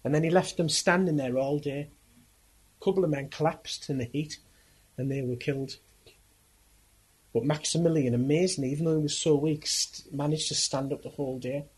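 A man preaching, telling a story earnestly and emphatically, with halting restarts. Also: on the high side, breathy edge, rough recording. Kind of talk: dramatic storytelling sermon.

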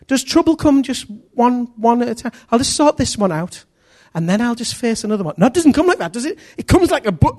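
A middle-aged man preaching a sermon in an animated way, acting out voices and swinging from loud to hushed. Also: sits high.

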